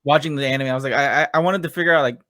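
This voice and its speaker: A man hosting a casual podcast interview, talking in a halting way with many fillers and restarts. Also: medium pitch, bright, forceful tone, dry recording, clean studio sound. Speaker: podcast host.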